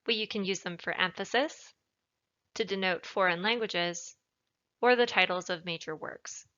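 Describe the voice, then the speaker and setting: Woman tutor, bright clear explainer, lesson narration on a dull lo-fi recording. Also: lowish voice, normal speed. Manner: clear, explanatory, leans on stressed words. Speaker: writing tutor.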